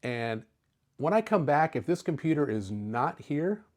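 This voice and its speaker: A man voicing a short, older female schoolteacher who is kindly and quietly sly, with a voice lifted only slightly above his own. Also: fairly high pitch, sing-song, unhurried.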